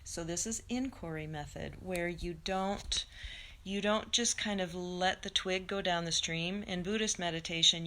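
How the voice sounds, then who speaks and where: Middle-aged woman meditation teacher, lowish voice, animated chat easing into slow guidance; live stream. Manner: chatty and animated, laughing, then slow soothing guidance. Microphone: phone or computer mic.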